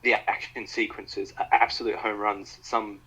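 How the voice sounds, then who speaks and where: An Australian co-host gushes about a film in a bright, forceful voice that sits slightly low. He keeps stopping and restarting his sentences. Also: flat delivery, breathy edge, rough recording. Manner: enthusiastic, halting, many fillers and restarts. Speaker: podcast co-host. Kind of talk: casual film review chat.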